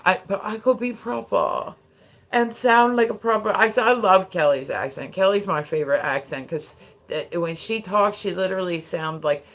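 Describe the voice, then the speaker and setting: The streamer talks into a phone with a New Jersey accent, profane and rambling as one tangent leads to the next. Their medium-pitched voice is fairly bright and moves at a normal speed.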